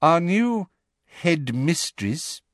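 A man's voice: on the high side, big pitch swings, no echo, clean studio sound, pitched above the performer's own voice, full character voice. A man voicing a stern elderly professor woman. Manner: crisp, measured, formal. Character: stern elderly female professor, strict and precise.

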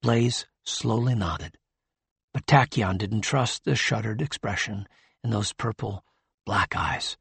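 A man narrating a novel in a measured storytelling style. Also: on the low side, creaky, fairly bright tone, husky, no echo. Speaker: audiobook narrator. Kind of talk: scripted narration.

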